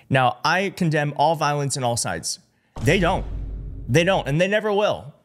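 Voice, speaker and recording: Guy doing political commentary video, fired up, keeps stressing points, mid-pitched voice. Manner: indignant, emphatic, reads quotes aloud. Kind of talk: online news commentary.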